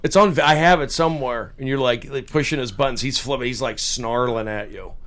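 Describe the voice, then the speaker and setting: A man's voice: mid-range voice, brisk, fairly bright tone. Man chiming in on a podcast. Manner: short reactions and brief recollections. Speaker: podcast co-host. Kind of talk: casual chat.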